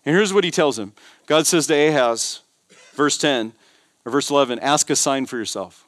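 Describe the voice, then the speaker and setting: A man's voice: medium pitch, normal speed, a bit bright, no echo, clean studio sound. A man preaching a sermon as pastor, emphatic, repeating words and building intensity. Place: church.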